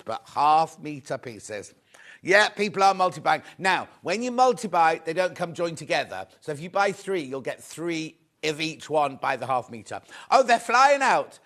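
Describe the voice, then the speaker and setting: A man's voice: on the high side, fairly bright tone. A man presenting a live shopping show, upbeat and chatty, greeting viewers by name as he sells fabric.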